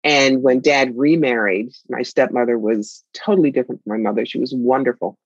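Her voice is extremely low, brisk, and edged with breathiness, captured without room sound on dull audio. Appearing in conversation as an author and guest, she recounts personal family stories with candor, reflection, and lively emphasis.

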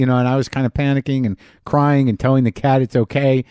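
Middle-aged male host, rambling personal monologue with restarts, warm low timbre. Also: fairly even intonation, clean tone, dry recording, studio quality. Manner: halting, many restarts and fillers. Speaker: podcast host.

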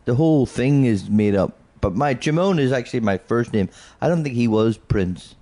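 A man's voice: mid-range voice, expressive, moderate pace, mellow. A man, a comedian guest on a casual podcast, playful and rambling as he spins stories.

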